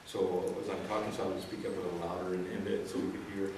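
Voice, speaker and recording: A man's voice: low-pitched, level tone, fast talker, background noise. A middle-aged man from Texas giving a presentation, telling anecdotes with acted quotes and laughter. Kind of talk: storytelling talk to an audience. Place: large room with audience. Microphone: distant room mic. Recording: echoey room recorded from far off.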